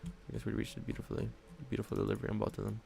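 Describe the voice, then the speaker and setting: Low, gravelly-voiced male trading streamer. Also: little pitch movement, very fast, mellow, a little hiss or hum. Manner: rambling, thinks aloud, drops "honestly" and "man". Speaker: day-trading live streamer. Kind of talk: casual live-stream commentary. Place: at home at his trading desk with his dog on his lap.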